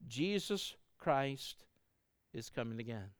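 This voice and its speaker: Earnest preaching man with smooth voice. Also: mid-range voice, animated, takes it slowly, dry recording, studio quality. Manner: earnest preaching, swells louder then drops to soft endings. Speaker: pastor. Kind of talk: sermon.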